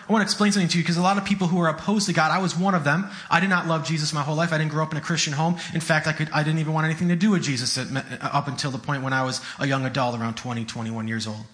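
A man's voice: on the high side, a bit bright. A man preaching a sermon in an earnest, conversational way, often repeating his words.

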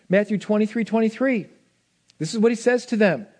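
A male pastor preaching a sermon, swinging between loud emphasis and soft asides. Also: high-pitched, sing-song, brisk.

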